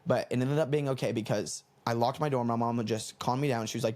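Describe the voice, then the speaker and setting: A young man from the United States hosting a comedy podcast, telling a rambling, animated story and correcting himself as he goes. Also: medium pitch, fast talker. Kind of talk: casual storytelling monologue.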